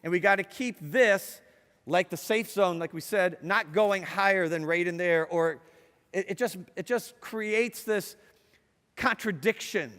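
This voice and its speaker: A middle-aged man giving a lively talk to students, chatty and playful, asking the audience questions and telling stories. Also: high voice, unhurried. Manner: conversational and playful, asks the audience questions, acts out quotes. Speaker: speaker addressing students. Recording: long hall reverb.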